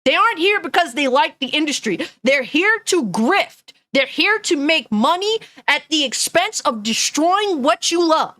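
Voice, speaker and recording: A woman's voice: high-pitched, sing-song, unhurried, few pauses, pushed and bright, dry recording. Angry, profane woman streamer. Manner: reads chat comments aloud. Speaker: gaming news streamer. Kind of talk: ranting live commentary.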